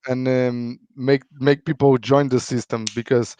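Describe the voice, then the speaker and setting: A man talking casually on a live stream, halting and full of fillers and repeated words. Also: medium pitch, flat delivery, dark tone, dry recording. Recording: dry, dull lo-fi audio.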